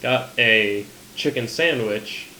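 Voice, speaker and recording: A man's voice: medium pitch, slow pace, bright, forceful tone. A man co-hosting a casual podcast, telling stories with dry, wry humor. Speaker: podcast co-host. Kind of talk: casual chat. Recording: roomy echo, faint room noise.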